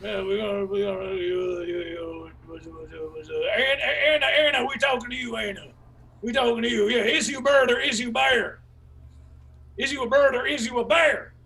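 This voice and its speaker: A man doing an absurdist stand-up bit at an open mic, rambling and repeating himself in broken folksy grammar, with halting fillers and sudden shouted bursts. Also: very high voice, fairly even intonation, gravelly, distant mic, rough recording.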